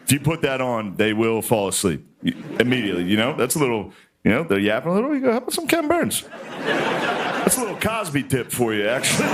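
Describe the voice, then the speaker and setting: A man performing a stand-up monologue on a large stage, telling stories in a deadpan way and slipping into put-on voices. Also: mid-range voice, very noisy. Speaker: stand-up comedian. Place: large theater stage with live audience.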